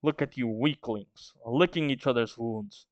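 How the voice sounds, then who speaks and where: A man's voice: mid-range voice, measured pace, no echo, dull audio, pitched below the performer's own voice, lightly acted. A man voicing a scornful, bullying young giant prince who mocks the weak, reading a manga aloud. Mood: sneering. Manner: sneering, mocking.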